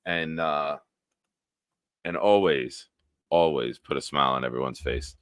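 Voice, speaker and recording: A man's voice: a bass voice, a little slow, a bit bright, clear, resonant tone, no room sound. A young man hosting a sports podcast live stream, casually joking and reading out viewer comments. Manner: jokey, reads out viewer comments.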